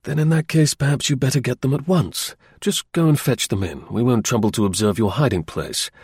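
A man's voice: medium pitch, a little mellow, slightly rough, no room sound, studio quality, lightly acted. Man reading as a stern cool detective. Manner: stern, measured. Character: calm stern male detective, commanding. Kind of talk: audiobook reading.

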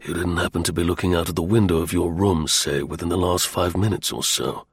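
A man voicing a grim secret agent who speaks low, curt and steady, with a husky voice. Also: fairly quick, no echo, studio quality.

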